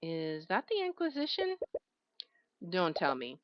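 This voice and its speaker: A woman's voice: on the low side, huge pitch swings, unhurried, muffled recording. A woman streaming a visual novel, reading it aloud expressively and reacting between lines. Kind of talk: reading a game story aloud. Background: background music.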